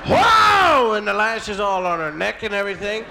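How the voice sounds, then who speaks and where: A middle-aged man doing stand-up comedy, telling a story in an animated way and acting out voices with loud yells. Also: high voice, brisk, gravelly, heavy background noise.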